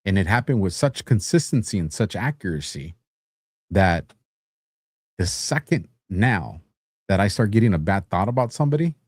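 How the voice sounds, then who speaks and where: A man hosting a long-form interview podcast who talks in a relaxed, earnest, casual way. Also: lowish voice, normal speed, dry recording, studio quality. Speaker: podcast host.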